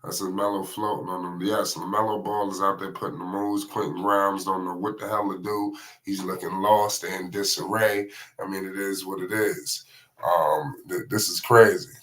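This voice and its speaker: A man calling basketball play by play on a livestream, excitable and slangy, naming every pass. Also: sits low, normal speed. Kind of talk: live play-by-play commentary.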